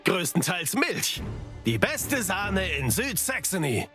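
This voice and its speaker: A man's voice: sits high, big pitch swings, takes it slowly, sharp tone, faint music behind, full character voice. An actor playing a friendly male German farmer-soldier chatting with a former enemy in a game.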